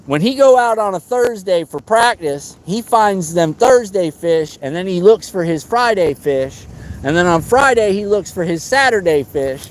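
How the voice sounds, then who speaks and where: A man hosting a live fishing stream, chatting casually and excitably, teasing friends and whooping. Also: high voice, moderate pace. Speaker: fishing livestream host.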